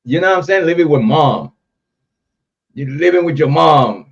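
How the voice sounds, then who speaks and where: A man's voice: a little high, animated, normal speed, vocal fry. Guy ranting on his livestream, talks right to chat, kinda muffled lo-fi sound. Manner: talks straight to chat, reads comments, ranting. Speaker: livestream host. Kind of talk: casual livestream commentary. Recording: dull lo-fi stream audio.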